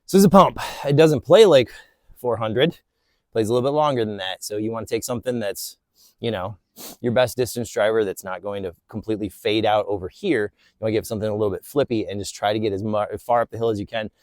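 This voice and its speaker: A man's voice: lowish voice, fast talker, no echo. A man casually explaining each hole of a disc golf course as he plays, talking outdoors in a hilly park and a bit out of breath. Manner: relaxed, explanatory, talking to himself between throws. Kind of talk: casual course walkthrough commentary. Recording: faint wind noise outdoors.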